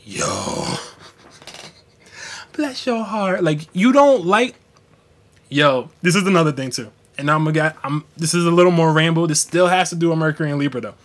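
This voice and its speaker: A young man talks to his livestream viewers in a blunt, slangy way, cursing freely. His voice sits a bit high for a man. He switches into mocking voices when he quotes people. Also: animated, a little fast. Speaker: astrology livestream host. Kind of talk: casual livestream talk.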